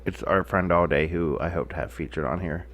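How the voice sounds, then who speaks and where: Laid-back, low-voiced young man. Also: brisk, fairly bright tone, a little hiss or hum. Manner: laid-back, brief replies, laughs easily. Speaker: podcast co-host. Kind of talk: casual chat.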